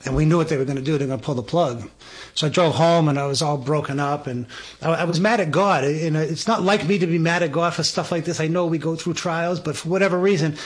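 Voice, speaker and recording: A man's voice: fairly high pitch, quick pace, husky. A man, a guest telling a personal story with lots of energy, stammering restarts and acted-out dialogue. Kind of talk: animated storytelling.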